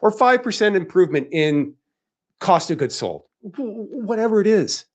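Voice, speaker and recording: A man's voice: sits high, big pitch swings, moderate pace. A man hosting a live webinar, talking in an emphatic, rhetorical way and firing off questions that he answers himself. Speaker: webinar host.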